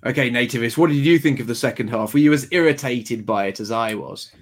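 A man hosting a casual film review chat, blunt and mocking, talking in animated bursts. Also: mid-range voice, quick pace. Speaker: host.

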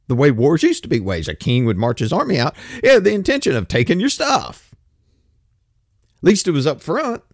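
A man's voice: a little high, wildly swooping pitch, normal speed, dry recording, clean studio sound. A man in his fifties delivering a blunt, opinionated monologue, ranting and swearing casually. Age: 50s.

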